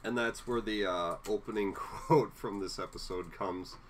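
Very low-voiced woman chatting casually. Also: a little slow, slight background noise. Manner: relaxed, recaps plot with lively asides. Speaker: podcast co-host. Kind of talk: casual chat.

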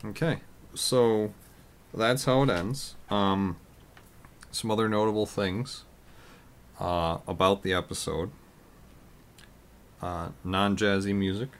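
A man's voice: lowish voice, fairly even intonation, slow, pauses often. A man co-hosting a podcast, chatting casually and rambling with lots of fillers and restarts. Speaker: podcast co-host. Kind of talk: casual chat.

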